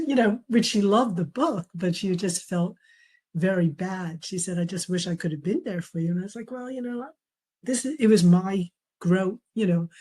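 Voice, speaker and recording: A middle-aged woman speaks as an interview guest, a memoir author recounting her family's reactions. Her voice is dark and mellow. She tells stories warmly, laughing as she quotes relatives. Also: medium pitch, breathy edge, rough recording. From raised in a traditional Chinese family. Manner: warm storytelling, quotes family members, laughs often. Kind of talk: conversational interview.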